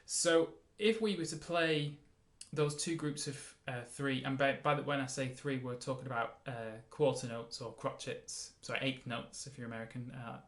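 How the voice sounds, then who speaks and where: A man's voice: medium pitch, normal speed, hardly any pauses. Man teaching mandolin, counting beats. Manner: relaxed, loosely explains, counts beats aloud. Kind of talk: casual music lesson. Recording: roomy sound with mandolin playing.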